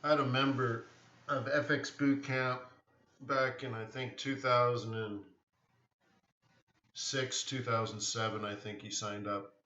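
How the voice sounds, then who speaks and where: Rambling through a live trading stream, this man answers chat questions in a casual way and keeps restarting himself. His mid-range voice holds a steady tone, pushed and bright, and he speaks unhurriedly with frequent pauses. The audio is dull and distant, as though captured in a roomy space.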